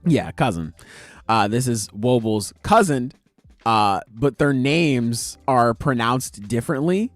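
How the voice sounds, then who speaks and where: A man's voice: mid-range voice, slow, dry recording, soft background music. Podcast host, man, loose and slangy, voice swings all over, dry close sound. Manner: animated, slangy, swears freely. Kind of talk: casual chat, retelling manga chapters.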